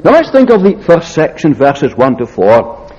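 A man preaching an expository sermon, solemn and deliberate, slowing down to read scripture aloud. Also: fairly high pitch, wildly swooping pitch, darkish tone. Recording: echoey hall, dull lo-fi sound.

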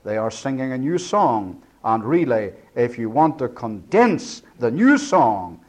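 A man preaching an expository sermon, breaking down words slowly and swinging from booming to hushed. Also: sing-song.

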